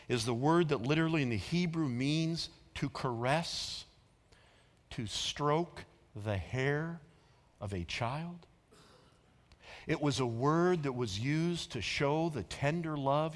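A man preaching a sermon as pastor, with dramatic pauses and dropping to a hushed whisper for emotional quotes. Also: mid-range voice. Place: church auditorium. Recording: long reverb of a large auditorium.

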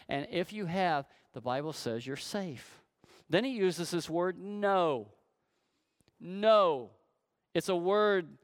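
A man preaching a sermon to his church, emphatic and slowing on key words. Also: fairly high pitch, clean tone, no echo, studio quality. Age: adult, grew up in church. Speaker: pastor.

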